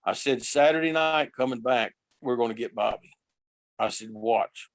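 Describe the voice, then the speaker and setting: A man telling road stories casually as a podcast guest, lively and acting out the voices of the people he quotes. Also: mid-range voice, moderate pace, dry recording. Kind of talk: casual storytelling.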